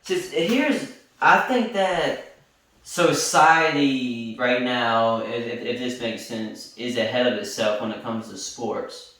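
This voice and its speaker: A man's voice: medium pitch, slow pace, a bit bright. A young man co-hosting a podcast in a loose, joking casual chat, drawing out his words for emphasis. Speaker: podcast co-host. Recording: roomy echo, distant from the mic.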